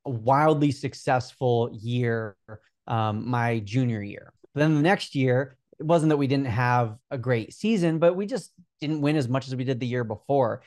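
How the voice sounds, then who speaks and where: A young man in his twenties, a podcast guest talking about his work in an energetic, earnest way, with many fillers. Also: mid-range voice, no room sound, studio quality. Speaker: guest, Instagram growth coach. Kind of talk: casual interview talk.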